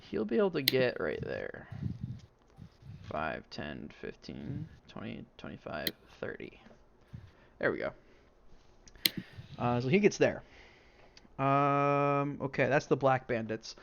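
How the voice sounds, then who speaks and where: A man's voice: medium pitch, very animated, takes it slowly, creaky, long pauses, slight background noise. A man narrating a tabletop game as game master, rambling with lots of fillers. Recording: dull lo-fi stream mic with music.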